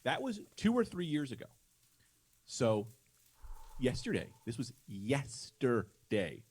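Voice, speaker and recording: Animated man telling a profane story. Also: mid-range voice, slow, slightly rough. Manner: animated, profane, self-interrupting. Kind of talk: casual storytelling on a live stream.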